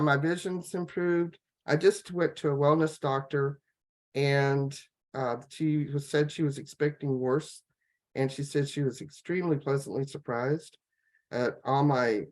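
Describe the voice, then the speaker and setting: A woman on a laptop video call, telling her personal health story in a rambling, halting way, full of fillers and restarts. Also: sits low, fairly even intonation, a little mellow. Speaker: guest sharing a health testimonial. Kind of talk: casual personal testimony.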